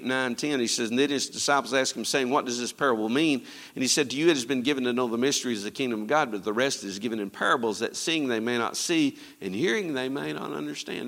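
A man preaching a sermon as pastor, swinging between loud emphatic lines and quiet, low asides. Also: vocal fry, big-room sound. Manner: preaching with sweeping rises and drops in pitch and loudness.

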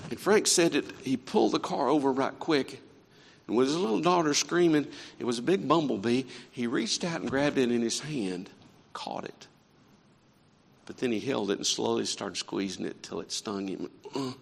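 A man preaching a sermon in a church, swinging between quiet earnest stretches and fervent raised passages. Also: medium pitch, moderate pace, vocal fry, big-room sound. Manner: impassioned preaching with rising and falling intensity. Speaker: pastor. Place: church sanctuary.

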